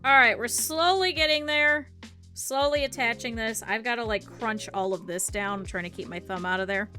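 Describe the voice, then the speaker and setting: Young midwest woman streamer, bright voice, rambly chatty crafting talk, quiet music behind. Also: fairly high pitch, moderate pace. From northern Ohio, US. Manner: rambling, chatty, thinks aloud. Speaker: VTuber streamer. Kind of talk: casual chat while crafting.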